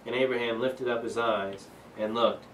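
A man's voice: medium pitch, steady tone, normal speed, fairly bright tone, reverberant, recorded from a distance, a little hiss or hum, poor audio. A man leading a Bible study, reading scripture aloud and explaining it earnestly, with many fillers and restarts. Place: church room.

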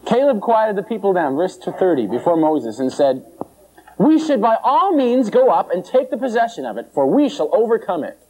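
A man preaches an informal sermon, his voice swinging up and down in pitch. The tone is mellow and dark. He slips into high mocking voices and chuckles between points. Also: slightly rough, low-quality recording. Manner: animated, jumps into high mocking voices for complainers.

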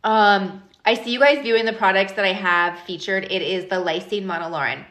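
A woman in her thirties hosting a live stream, talking casually and directly to her viewers in an animated, chatty way. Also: mid-range voice, brisk. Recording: echoey room.

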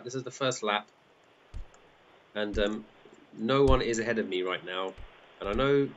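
A man hosting a group in excitable, chatty live commentary, often laughing as he talks. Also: on the low side, moderate pace, long pauses, lo-fi sound. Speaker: group host.

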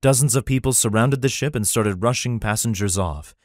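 A man narrating a fantasy romance audiobook in an even, plain storytelling manner. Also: mid-range voice, normal speed, no room sound, studio quality. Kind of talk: scripted narration.

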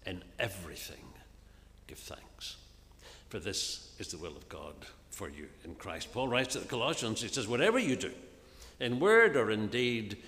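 A man preaching an earnest sermon in a church, often dropping to a soft, hushed voice on key phrases. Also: fairly low pitch. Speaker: minister preaching. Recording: long reverb of a church hall, faint ambience.

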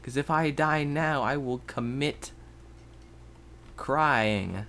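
A man giving rambling Let's Play commentary at his computer, jumping between loud outbursts and muttered whispers. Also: mid-range voice, slow pace, slight background noise. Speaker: gaming YouTuber. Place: at a computer, indoors.

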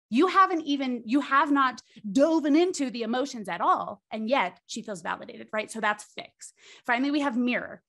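A woman's voice: a little high, expressive, normal speed, a bit bright. A woman, a podcast guest, explaining with animation and tagging her points with "right?". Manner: acts out quoted voices. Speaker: podcast guest, charisma coach. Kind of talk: explanatory interview talk.

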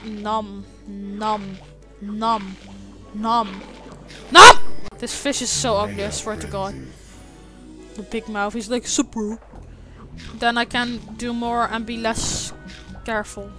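A woman giving let's play commentary over a game she hosts, swearing a lot and often breaking into shouted, frustrated outbursts. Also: mid-range voice, little pitch movement, slow, long pauses, music in the background. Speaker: gaming video host.

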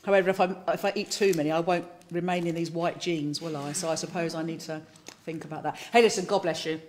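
A woman's voice: on the low side, steady tone, fast, a little mellow, slight background noise. A woman leading an online church service, talking in a chatty, playful way as she closes with giving, prayer and a blessing. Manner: chatty and playful, talks while eating biscuits. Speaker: service leader. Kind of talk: casual closing remarks to an online congregation.

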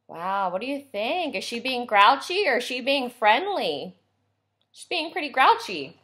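A woman teacher reading a picture book aloud to young children, asking them questions as she goes. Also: fairly high pitch. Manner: slow, expressive, asks children questions.

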